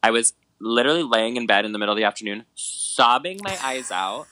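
In a rough, dry recording, a twenties-aged man with a medium pitch chats fairly quickly as a podcast co-host. He's an animated storyteller, dramatically retelling events with plenty of "like" and "um."

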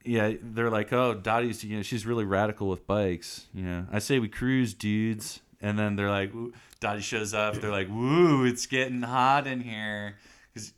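A man in casual chat, retelling a film with quick acted-out voices and frequent laughs. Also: fairly low pitch, steady tone, clean tone. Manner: acts out scenes in quick voices, laughs often. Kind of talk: casual movie recap chat.

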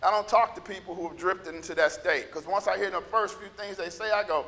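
Scratchy high-voiced preaching man. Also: brisk. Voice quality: scratchy, gravelly. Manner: impassioned preaching, bursts of shouting. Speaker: pastor. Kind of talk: sermon. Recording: echoey hall reverb.

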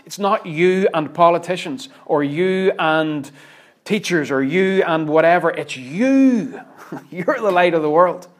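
A man's voice: fairly high pitch, moderate pace. Earnest, emphatic man preaching. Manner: earnest, emphatic, with dramatic drops to near-whisper. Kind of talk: sermon.

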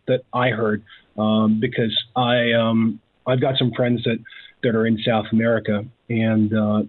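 A man joining a casual podcast chat, talking haltingly with many fillers. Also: on the low side, no room sound. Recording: tinny, dry phone-like sound.

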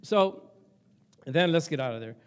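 Older man, pastor, sermon, fairly high voice, chatty storytelling, humorous. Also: a little slow, smooth. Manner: lively storytelling to a congregation; conversational and humorous.

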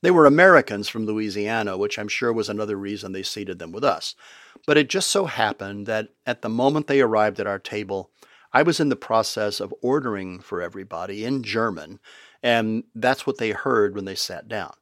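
A man's voice: fairly low pitch, animated, normal speed, a bit bright, no room sound, clean studio sound. An older man narrating his travel stories in a wry, conversational way with playful asides. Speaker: podcast storyteller. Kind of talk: storytelling narration.

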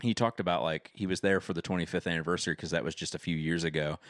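A man with a very low voice talks loosely on a podcast, wandering through his stories with plenty of "um" and "like". The sound is close and dry, with no room around it. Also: fairly even intonation, fast, dry recording. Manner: rambling, filler-heavy storytelling. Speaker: podcast co-host. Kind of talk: casual chat. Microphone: microphone.

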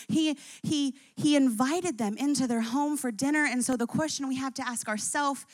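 A young adult woman preaching, retelling scripture in a lively storytelling way. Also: high voice, normal speed, no room sound. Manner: storytelling, acts out scripture figures with rising intensity. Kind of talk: sermon.

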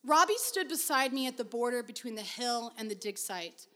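A woman reading a first-person story aloud in a measured, expressive way. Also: fairly high pitch. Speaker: reader.

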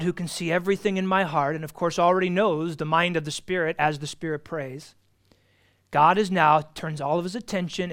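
This adult Bible class teacher is a man with a slightly high voice. Earnest and insistent, he repeats important phrases and swings from booming emphasis to gentle asides.

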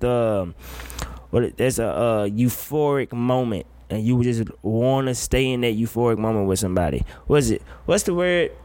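A young man hosting a solo podcast, talking bluntly and with plenty of swearing as he hands out relationship advice. His voice sits at an ordinary middle pitch. The sound is close and dry, with no room echo. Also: a little mellow. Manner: blunt, profane, preachy, laughs often. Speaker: podcast host. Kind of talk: casual solo podcast rant.

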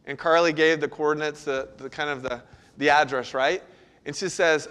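High-voiced man preaching a sermon. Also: steady tone, normal speed, a bit bright, clean tone. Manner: conversational, asks the congregation questions. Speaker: pastor. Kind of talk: sermon with personal story.

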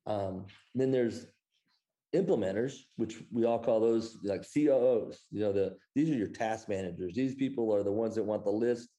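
A man's voice: on the low side, normal speed, mellow. A man from Iowa, an author guest, telling anecdotes in a rambling way with many fillers and restarts. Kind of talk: anecdotal storytelling in conversation.

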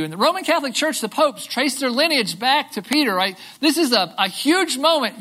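Bright-voiced casual preacher. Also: medium pitch, brisk, hardly any pauses. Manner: casual, animated retelling with acted-out quotes and filler "right?". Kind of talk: sermon.

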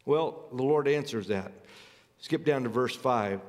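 A pastor preaches a sermon in a medium-pitched, sing-song voice, speaking a little slowly as he reads scripture aloud. He urges his listeners with earnest, rising emphasis, and a long hall reverb surrounds him.

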